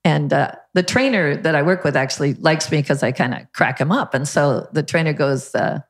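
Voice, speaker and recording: Older lady guest, low-ish voice, acts out all the quotes, echoey room. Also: unhurried. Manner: lively storyteller who acts out quotes. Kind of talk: storytelling in a podcast interview. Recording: roomy echo.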